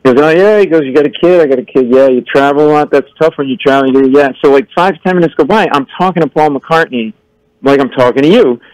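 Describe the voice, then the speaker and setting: A man with a medium-pitched voice talks quickly in a recording with no echo but poor audio. Appearing as a comedian guest on a radio show, he excitably tells an animated story, acting out many voices and stammering for comic effect.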